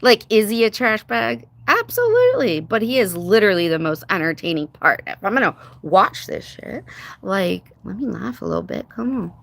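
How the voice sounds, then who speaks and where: A woman's voice: mid-range voice, sing-song, moderate pace, gravelly. A woman hosting a casual live stream, chatting sarcastically, laughing often and greeting viewers by name. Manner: sarcastic, says dude and y'all. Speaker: livestream host.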